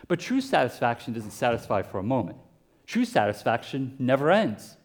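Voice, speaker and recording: A pastor preaching a sermon in a conversational way, with asides and everyday comparisons. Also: male voice, mid-range voice, sing-song, normal speed.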